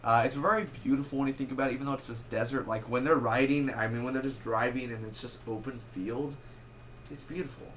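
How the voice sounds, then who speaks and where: A man's voice: mid-range voice, slight background noise. A young man giving a casual spoken movie review, rambling and correcting himself as he goes. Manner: rambling, self-correcting, animated with quick asides.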